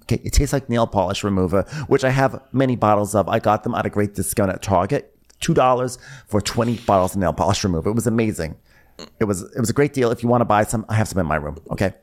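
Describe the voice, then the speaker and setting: Chatty bargain-bragging reality tv lady, guy doing a low-key impression, low voice, rambling. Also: fast talker, lightly acted.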